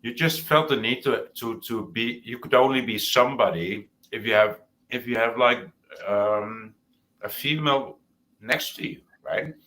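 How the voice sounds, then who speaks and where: A man's voice: mid-range voice, unhurried, sharp tone. A man co-hosting a podcast in casual chat, hesitant and reflective, with many fillers. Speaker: podcast co-host.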